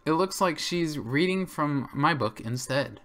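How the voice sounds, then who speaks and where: A man's voice: fairly high pitch, expressive, unhurried, fairly bright tone. A man streaming a game, reading its narration and dialogue aloud in a casual, easygoing way.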